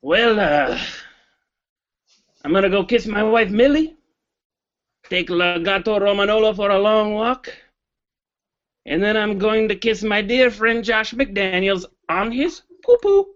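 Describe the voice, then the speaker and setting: A man putting on a high, whiny voice as a fired football executive, crude and sulky, griping and boasting by turns. The sound is dull and lo-fi, like a home podcast recording. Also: measured pace, pauses often, a bit bright. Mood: self-pitying. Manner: crude, self-pitying, mock-wistful bits. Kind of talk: comedy podcast impression sketch.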